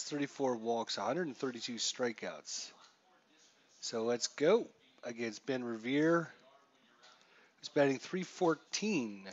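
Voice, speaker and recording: Male streamer, casual commentary, stat-heavy, mid pitch. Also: dull audio. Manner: chatty, reels off stats, rises for big plays. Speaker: streamer playing a baseball simulation.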